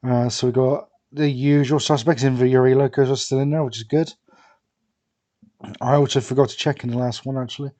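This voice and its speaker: A young man talks casually over a football management game, rambling and thinking aloud with plenty of fillers and pauses. His voice is mellow and warm, at an ordinary middle pitch, close to a desk microphone. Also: steady tone. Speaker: gaming video creator.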